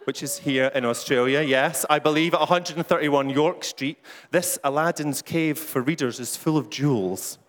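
A man's voice: a little high, normal speed, reverberant. A man hosting a podcast live on stage, introducing a guest in a chatty, playful, joking way. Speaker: podcast host.

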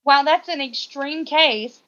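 A woman co-hosting a podcast in casual chat, animated and indignant, her voice rising sharply as she makes her points. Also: high-pitched, a little slow, no room sound. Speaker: podcast co-host. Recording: dull lo-fi recording.

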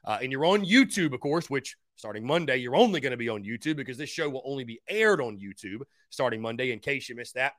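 A man's voice: mid-range voice, no room sound, studio quality. A man hosting a live call-in sports podcast. He talks energetically, repeats his points, thanks viewers by name and speaks straight to his audience. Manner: thanks fans and shouts out supporters by name. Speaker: podcast host. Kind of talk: live-stream call-in show chat.

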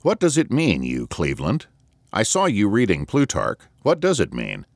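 A man's voice: on the low side, wildly swooping pitch, normal speed, gravelly, no echo, clean studio sound, pitched above the performer's own voice, exaggerated voice. A man narrating an audiobook, voicing an impatient male lodger who keeps pressing a question. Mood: prodding.

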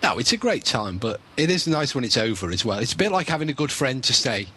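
A man co-hosting a casual podcast, explaining in a measured way with dry humour. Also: medium pitch, sing-song, sharp tone, a little hiss or hum. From Wales, UK. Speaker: co-host, paranormal researcher.

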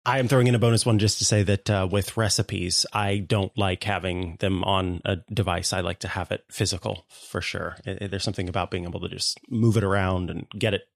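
A man's voice: sits low, fairly even intonation, a little fast, creaky, few pauses, dry recording, clean studio sound. A man hosting a podcast panel, chatting casually and then reading the show's wrap-up. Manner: friendly, hosts the segments and reads the outro. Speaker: podcast host.

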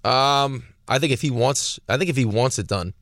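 A man's voice: mid-range voice, moderate pace, fairly bright tone, dry recording, clean studio sound. A man co-hosting a sports radio show, trading casual, teasing banter with his partner.

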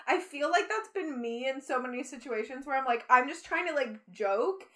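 A young woman chatting as a podcast co-host, her voice set notably high. She rambles and gushes, breaking into giggles as she trades thoughts with her friend. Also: animated, normal speed, a bit bright. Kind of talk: casual chat.

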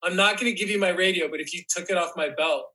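A man's voice: high-pitched, fast talker, pushed and bright, low-quality recording. A man on a podcast as a guest, talking casually in a rambling way, restarting sentences and saying "like" a lot. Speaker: guest actor. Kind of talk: casual chat.

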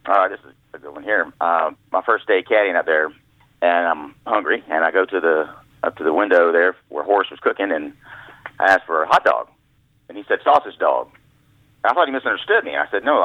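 A man's voice: sits low, no room sound. A man telling folksy stories as the author guest in an interview, heard over a phone line. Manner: folksy storyteller, acts out quoted voices. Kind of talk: storytelling interview. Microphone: phone call. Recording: tinny phone line, dry.

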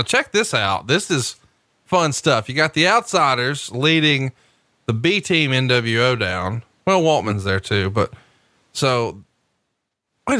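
A man's voice: mid-range voice, pushed and bright, no room sound, clean studio sound. A man co-hosting a podcast in casual chat, joking, teasing and swearing freely. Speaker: podcast co-host.

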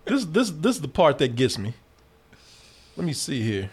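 Animated, profane man reviewing a movie. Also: on the high side, moderate pace, a little hiss or hum. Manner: laughing, profane, animated storyteller. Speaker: podcast host reviewing a movie.

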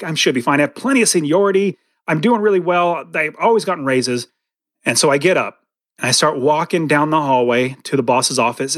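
A man's voice: on the high side, a bit bright, no echo. A man in his forties, a podcast guest, telling a vivid story about his past in an interview. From California. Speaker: podcast guest, real estate investor.

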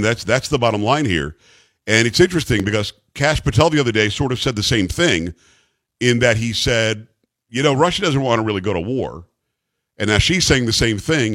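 A man's voice: on the low side, a bit bright, no room sound. A man hosting a talk radio show, emphatic and repetitive, with a bantering streak.

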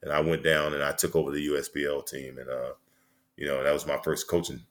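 Relaxed and conversational, a sixty-something former basketball player and coach shares stories as an interview guest. His voice is low and deep. He wanders from one memory to the next, often saying "you know" and restarting quickly.

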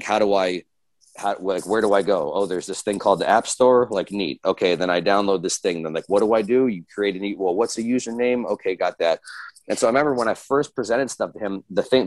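A man with a low voice talks quickly and candidly as a coach guest on a podcast. He rambles, swears casually and laughs at himself. The sound is dry and close. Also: a little mellow, dry recording, poor audio. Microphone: video call.

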